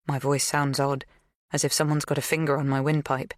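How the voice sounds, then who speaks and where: A woman narrating an audiobook thriller in a measured, even scripted delivery. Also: low voice, no echo, clean studio sound.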